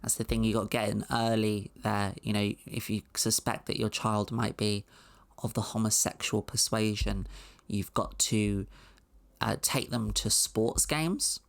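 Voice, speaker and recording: A woman's voice: extremely low pitch, fairly even intonation, a little slow, vocal fry. A woman hosting a comedic video essay, commenting with dry, sarcastic asides. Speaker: host.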